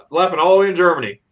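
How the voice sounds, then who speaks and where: A Florida man hosts a casual livestream, reading viewer comments aloud in a rambling, chatty way full of fillers and restarts. His voice is high and fairly bright, and the recording sounds muffled.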